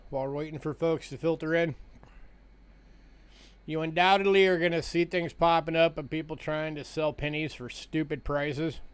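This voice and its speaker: A man's voice: fairly high pitch, moderate pace, clean tone. A man hosting a coin sale livestream, talking casually to viewers while waiting for people to join. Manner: relaxed, chatty, yawning between remarks.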